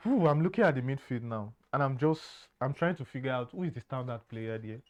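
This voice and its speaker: A man's voice: mid-range voice, lively intonation, a little fast. A man giving earnest football analysis, often stumbling and repeating words. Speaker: football pundit. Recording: dull lo-fi sound.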